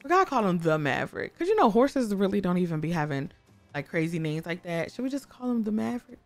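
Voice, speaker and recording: A young woman giving casual gameplay commentary, gushing, excitable and talking to her game characters, often breaking into high squeals. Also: fast talker. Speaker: gaming YouTuber. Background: faint background music.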